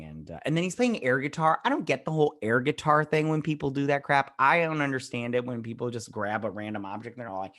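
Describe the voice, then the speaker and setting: A man's voice: mid-range voice, expressive, quick pace, a bit bright. A man in a mid-range voice recaps a TV episode in a loose, rambling way. He acts out bits of what characters say and drops blunt, sometimes crude asides. He sounds like a casual review host.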